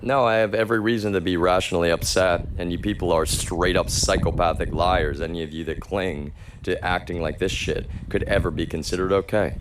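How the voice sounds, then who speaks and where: A man with a low-pitched voice livestreams an agitated, repetitive rant to his chat, swearing often and calling his listeners y'all. There's a little hiss or hum on the audio.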